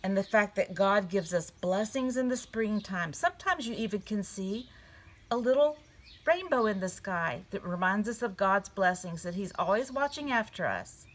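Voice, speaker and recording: A woman giving a gentle storytelling lesson to young children at a table. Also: medium pitch, expressive, moderate pace. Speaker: children's church teacher. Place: indoors at a table.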